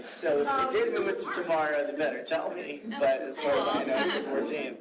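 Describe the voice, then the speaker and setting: A man's voice: fairly high pitch, lively intonation, fairly quick. A young man casually making announcements at a student government meeting. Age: young adult. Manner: casual, rambling with fillers. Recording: distant mic with crowd behind.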